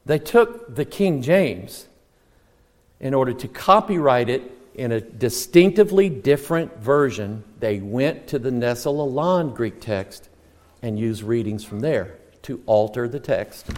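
A man preaching a sermon, emphatic, asking rhetorical questions and rising to near shouts. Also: medium pitch, expressive, unhurried. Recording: long reverb of a large hall.

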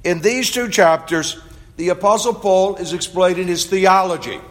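High-voiced preacher in a reverberant hall. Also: male voice. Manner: measured, emphatic delivery. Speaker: pastor. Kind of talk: sermon with scripture reading. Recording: long reverb of a large hall.

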